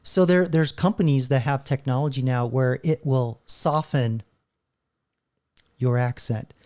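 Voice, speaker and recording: Rambling male host, mellow voice, loose commentary. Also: mid-range voice, unhurried. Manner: rambling, stop-start, laughing often. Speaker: channel host. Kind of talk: casual commentary while browsing videos.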